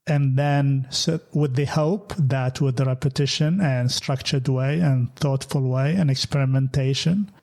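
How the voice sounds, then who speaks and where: Guy hosting a podcast, middle pitch, lots of uhs and ums, friendly. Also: dark tone. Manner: hesitant, many fillers, friendly. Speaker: podcast host. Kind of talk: podcast interview.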